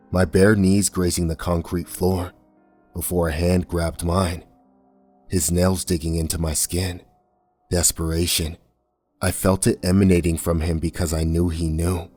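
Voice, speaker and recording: A man reading a horror story aloud in a somber, measured way. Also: deep voice, a little mellow. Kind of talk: scripted horror narration. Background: faint music.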